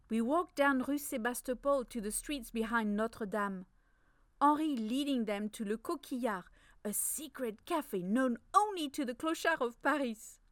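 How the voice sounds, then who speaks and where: A woman narrating a story in the first person, expressive, slipping in playful French phrases. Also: fairly high pitch, dry recording.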